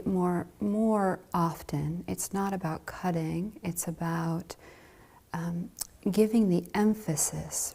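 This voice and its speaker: A woman Zen teacher gives a gentle dharma talk with light laughs. Her voice sits on the low side, husky and breathy, with a gravelly creak. She speaks very slowly.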